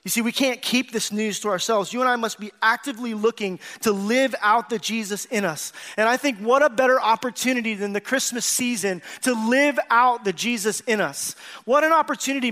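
A man with a strikingly high voice preaches a sermon to his church. He is earnest and personal, swelling into emphatic bursts and then dropping low and confiding, and he calls out to the congregation for agreement. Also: a little fast, pushed and bright. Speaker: pastor.

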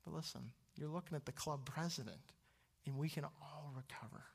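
A young adult man preaching a sermon, jumping to loud high exclamations and dropping to hushed low asides. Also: fairly quick, slightly rough. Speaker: pastor.

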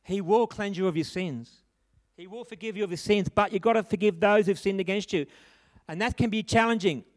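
A man's voice: sits high, a little fast. A middle-aged man preaching a sermon, telling a personal story in an earnest, conversational way with frequent restarts and tag questions.

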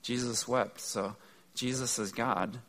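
A man's voice: mid-range voice, fairly even intonation, takes it slowly, fairly bright tone. A man giving a conversational, earnest sermon, explaining things step by step. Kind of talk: sermon teaching.

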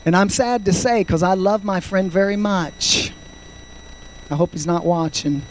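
A man in his fifties preaching a sermon, fervent, swinging between loud shouts and quiet storytelling. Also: sits high, a little slow, slight background noise, rough recording. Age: 50s. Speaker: pastor.

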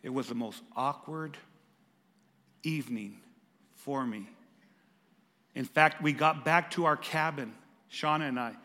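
A pastor preaching a sermon, swinging from raised, emphatic lines to hushed, soft ones. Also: male voice, mid-range voice, unhurried, long pauses, in a large hall.

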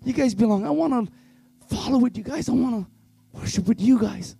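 A man leading worship, preaching with fervent, pleading passion that swings from shouts to hushed tones. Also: very high-pitched, brisk, vocal fry, breathy edge, no room sound. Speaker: worship leader. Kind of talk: impassioned youth revival sermon.

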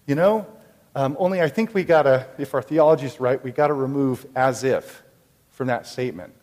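A man telling a personal faith story in an earnest, reflective way, with many halting restarts. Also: medium pitch, expressive, a little mellow, long reverb tail.

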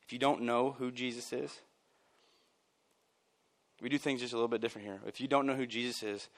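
A man preaching a sermon at a church service. His voice jumps high and loud on his points, then falls low and quiet. Between those points he drops in casual asides with a chuckle. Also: brisk. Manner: animated and emphatic, swinging from loud bursts to near-quiet. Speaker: pastor.

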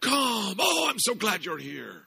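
A man putting on an exuberant male shop clerk who greets every customer with loud, gushing welcomes. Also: sits high, huge pitch swings, a little slow, gravelly, pitched above the performer's own voice, exaggerated voice.

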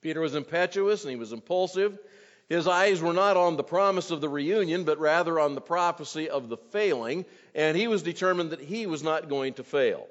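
A man's voice: a little high, normal speed. A man preaching an earnest expository sermon to his congregation, his voice rising when he quotes scripture. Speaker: pastor. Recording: dull, long hall reverb.

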